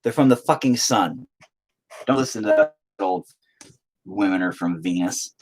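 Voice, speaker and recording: In a lowish, unhurried voice, a streaming artist rambles casually as he paints. He jokes around and curses constantly throughout.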